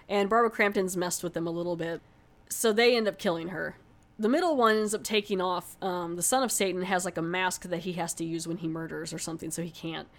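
A woman giving a casual, rambling movie review, full of fillers and asides. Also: medium pitch.

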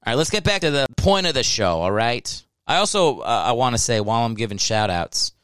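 A man's voice: mid-range voice, lively intonation, fairly quick, fairly bright tone, clear, resonant tone, no echo. A man in his thirties from Ohio, a comedian hosting his podcast alone and talking close to the mic in a rambling, joking, profane way. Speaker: podcast host and stand-up comedian. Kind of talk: casual solo podcast monologue. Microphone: close microphone.

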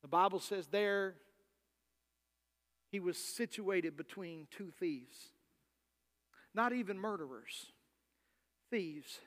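A man preaching a sermon with passion, acting out Bible figures and swinging from loud to soft. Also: high-pitched, slow, long pauses.

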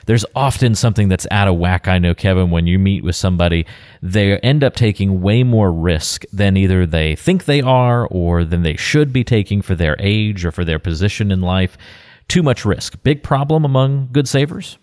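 A deep-voiced man hosting a talk radio show, reading promos and the call-in number in smooth, announcer-like tones. His pitch sits very low. He steers the conversation along with ease. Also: expressive, moderate pace, a little mellow. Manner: smooth announcer-like delivery, reads phone number.

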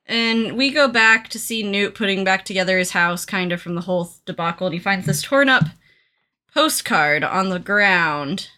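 Podcast co-host, female, bright voice, chatty and halting. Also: mid-range voice, animated. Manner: hesitant, filler-heavy, chatty. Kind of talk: casual movie discussion.

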